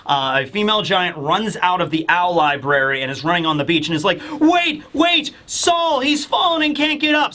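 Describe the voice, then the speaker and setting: A man talks through a manga chapter in a casual, rambling review. His voice sits high and bright, and he sounds excited, tumbling through fillers and restarts.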